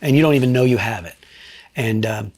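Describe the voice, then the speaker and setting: A middle-aged man and retired state trooper, telling his story bluntly in a sit-down interview, swearing freely and pausing to reflect. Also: mid-range voice, darkish tone, no echo. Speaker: retired state trooper and crime scene investigator.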